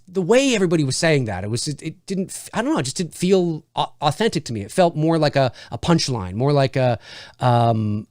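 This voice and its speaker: A man's voice: a little high, no echo, studio quality. A man, a screenwriter, giving a casual spoken review of a film and thinking aloud as he restarts his sentences.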